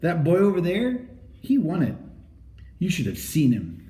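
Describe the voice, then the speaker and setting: A chatty, eager little boy, voiced by a man talks excitedly in a raised, lively voice. The storybook reading has a roomy echo. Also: on the high side, measured pace, voice pushed up.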